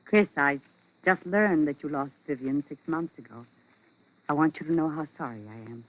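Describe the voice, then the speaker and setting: An actress playing a cheerful former fiancée in a 1940s radio drama, speaking brightly and playfully. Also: female voice, low-pitched, moderate pace. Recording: dry lo-fi old radio broadcast.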